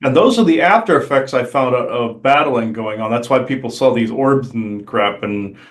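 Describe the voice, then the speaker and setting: A man talking as a guest on a podcast, rambling and halting with many restarts and fillers. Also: medium pitch, lively intonation. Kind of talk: casual conversation.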